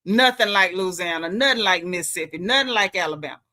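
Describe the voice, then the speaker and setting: Bright-voiced Southern American woman host. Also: fairly low pitch, expressive, fast. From Southern United States. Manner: chatty, emphatic, colloquial with lots of slang. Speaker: host recapping a reality show. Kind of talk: casual livestream commentary.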